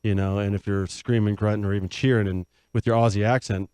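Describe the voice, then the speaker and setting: A man's voice: fairly low pitch, steady tone, fast talker, darkish tone, clean tone, dry recording. A man hosting a comedic advice panel, joking and reading listener letters aloud in a raised, upbeat voice.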